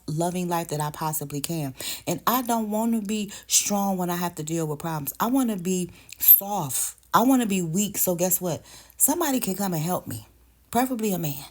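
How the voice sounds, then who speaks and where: A woman past thirty-five talks straight into her phone, emphatic and conversational. Her voice sits on the low side. She calls her listeners baby and sis. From United States. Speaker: vlogger. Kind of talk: direct-to-camera rant.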